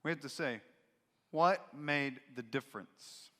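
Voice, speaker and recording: A male pastor preaching a sermon in a church, expressive and emphatic, switching into voices to act out quotes. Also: medium pitch, unhurried. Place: church sanctuary. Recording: reverberant church sanctuary.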